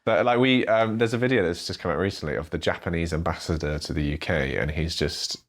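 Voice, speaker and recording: A young man chatting as a podcast guest, loose and full of fillers, with lively jumps in pitch. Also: quick pace. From United Kingdom. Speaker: podcast guest, theatre maker. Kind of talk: casual interview chat.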